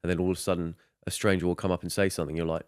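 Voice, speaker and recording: A man's voice: deep voice, flat delivery, very fast, a little mellow, smooth, dry recording. Joking British man with a dry, close sound. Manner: joking, playful, laughs a lot. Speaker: podcast co-host. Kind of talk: casual chat.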